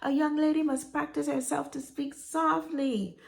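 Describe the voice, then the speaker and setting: A woman's voice: sits high, fairly even intonation, normal speed, creaky, darkish tone, voice pushed up. A woman voicing her stern older grandmother with a Panamanian accent, scolding and prim.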